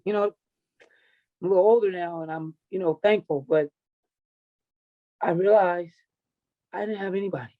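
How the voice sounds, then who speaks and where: With long pauses at a normal pace, a high-pitched middle-aged man shares his life story on a podcast. The wrestling and MMA coach is candid, emotional, and heavily profane. His recording sounds thin and tinny.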